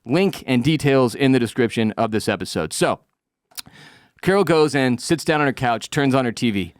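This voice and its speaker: A man hosting a casual podcast, retelling a TV episode in an animated, storytelling way. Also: medium pitch, normal speed, clear, resonant tone, dry recording, clean studio sound. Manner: animated storytelling, recapping a scene. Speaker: podcast host.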